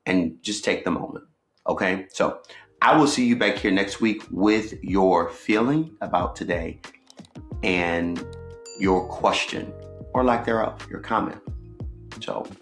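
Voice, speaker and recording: A man with a lowish voice hosts a casual devotional podcast, chatting in a playful, conversational way. His talk swings from quick jokes to gentle encouragement. The room around him rings with noticeable echo. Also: faint music behind. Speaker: podcast host.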